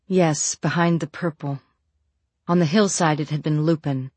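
An audiobook narrator reading a novel in an even, measured way. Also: mid-range voice, slightly rough, dry recording.

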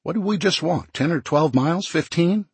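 A tired, complaining traveler, as a man plays him, whining in a much higher voice than the narrator's own. His tone stays husky, recorded close and dry. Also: normal speed, no room sound. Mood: whiny. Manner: whiny, exaggerating. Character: weary, complaining male traveler with sore feet.

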